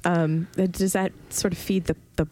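A woman's voice: on the low side, flat delivery, moderate pace, dark tone. A woman hosting an interview, eager and rambling, often restarting her questions. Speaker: interviewer host. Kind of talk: conversational interview.

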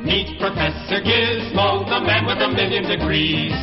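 A woman narrating a cartoon song in a lively sing-song chorus. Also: mid-range voice, normal speed, close to an everyday voice. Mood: cheerful. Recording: echoey dull old record with music.

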